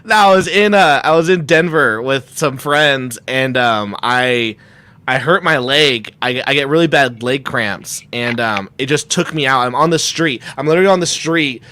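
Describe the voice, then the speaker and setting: A man's voice: mid-range voice, normal speed. A young man, a podcast guest, telling a long story in casual chat and acting out the people in it. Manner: animated storyteller, acts out quotes with shouts and laughs. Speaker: podcast guest, comic creator.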